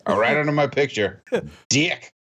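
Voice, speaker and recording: A man's voice: mid-range voice, normal speed, fairly bright tone. A man chatting casually on a podcast, joking wryly and swearing. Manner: joking, wry, profane.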